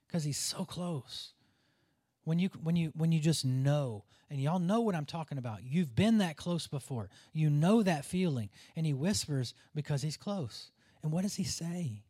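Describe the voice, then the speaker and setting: A man's voice: high-pitched, a little mellow, no room sound, studio quality. A man preaching a conversational sermon, dropping to a near whisper at tender moments. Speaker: pastor.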